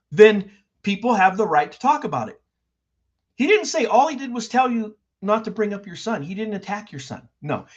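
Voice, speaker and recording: A man's voice: sits high, slightly rough. An older man hosting a livestream, ranting heatedly and repeating himself for emphasis. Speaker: livestream host. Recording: dull lo-fi stream audio.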